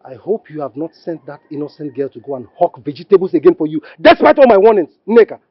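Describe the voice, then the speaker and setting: A man's voice: on the high side, expressive, quick pace, no room sound. A Nigerian actor playing a stern husband who warns and scolds his wife in a film drama. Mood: demanding. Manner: stern, warning, indignant. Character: angry protective husband, adult man. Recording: slightly muffled dry film audio with faint music.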